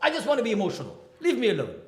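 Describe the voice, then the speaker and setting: A man's voice: very high voice, wildly swooping pitch, racing, a bit bright, voice pushed up, exaggerated voice. Exasperated stubborn wife, as a man quotes her. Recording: echoey hall.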